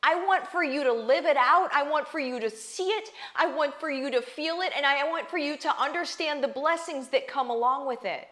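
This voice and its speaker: Woman vlogger, higher-pitched voice, heartfelt and emphatic, speaks straight to her audience. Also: moderate pace, few pauses, a bit bright. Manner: earnest, emphatic, often asks "right?" and calls listeners "guys". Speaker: online business coach and vlogger. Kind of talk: heartfelt faith talk to camera.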